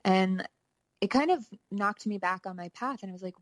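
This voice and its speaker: A woman's voice: mid-range voice, moderate pace, no room sound. A young woman talking as a guest on a podcast, upbeat and chatty, laughing easily. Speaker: podcast guest, actor and songwriter. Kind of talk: casual interview chat.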